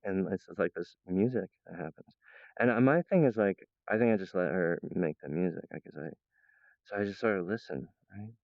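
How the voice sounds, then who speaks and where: A man's voice: low-pitched, fairly quick, creaky, no echo. A young man talking in a meandering monologue, laughing often and breaking off mid-sentence. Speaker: channel host. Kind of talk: rambling monologue. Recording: dull, lo-fi, dry sound.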